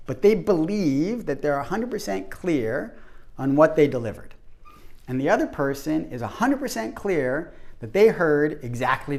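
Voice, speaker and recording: Animated gravelly man leading a workshop. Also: a little high. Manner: animated, acts out quoted voices. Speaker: workshop presenter. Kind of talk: interactive workshop talk.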